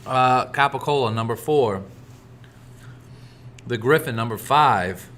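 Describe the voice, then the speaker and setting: A man chatting casually as a podcast guest, calmly ranking what he ate. His voice is at a middle pitch. A faint background noise hums underneath. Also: slow. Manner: relaxed, ranking foods one by one. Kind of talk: casual chat. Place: restaurant.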